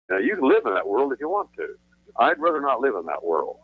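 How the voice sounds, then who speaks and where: An attorney appearing as a guest on a radio talk show lays out his views fast, in a medium-pitched voice with big pitch swings. He's emphatic and lecturing, repeating phrases to drive points home. The audio comes through a tinny, dry phone line.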